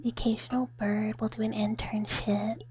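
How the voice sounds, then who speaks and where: Breathy whispering woman, whispered role-play. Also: on the high side, little pitch movement, normal speed. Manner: soft whispering, giggly chat with viewers. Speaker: ASMR streamer.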